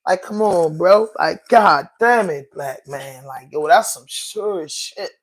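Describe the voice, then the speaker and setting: A man's voice: sits high, animated, slow. A man hosting a podcast, talking in an emotional, slangy way, repeating himself and saying bro a lot. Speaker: podcast host. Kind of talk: casual commentary monologue.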